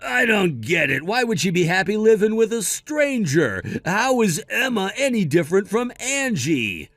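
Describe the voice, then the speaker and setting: A man's voice: high-pitched, big pitch swings, moderate pace, fairly bright tone, dry recording, faint music behind, pitched above the performer's own voice, heavily acted. A man voicing a selfish, whiny grown man who is petulant and pushy.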